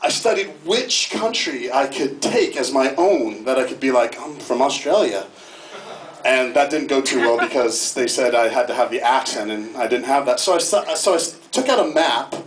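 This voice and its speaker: An American man performing a self-mocking stand-up comedy set on a club stage, with frequent jumps into high-pitched bits. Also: expressive, normal speed. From United States. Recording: echoey club room with noise. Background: audience laughter.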